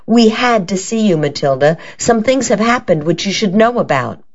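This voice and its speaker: A woman's voice: mid-range voice, animated, normal speed, voice pushed up, lightly acted. A woman voicing an anxious, placating middle-aged man who speaks hastily, on a dull lo-fi recording. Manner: hasty, placating.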